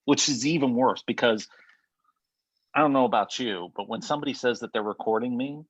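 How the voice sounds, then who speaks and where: A man's voice: mid-range voice, a little fast, no echo, highs cut off. A man hosting a podcast in casual chat, blunt and swearing freely. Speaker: podcast host.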